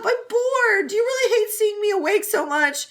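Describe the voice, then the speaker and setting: A woman's voice: very high voice, expressive, fairly quick, pitched above the performer's own voice. A woman voicing a needy, teasing young man with a fever who begs and wheedles playfully. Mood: wheedling.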